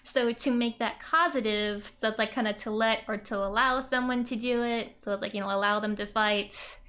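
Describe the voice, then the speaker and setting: A woman's voice: on the high side, fairly even intonation, moderate pace, bright, forceful tone. A woman explaining Japanese grammar in a casual lesson, chatty and giggly, with many "like" and "um" fillers. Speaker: Japanese language teacher.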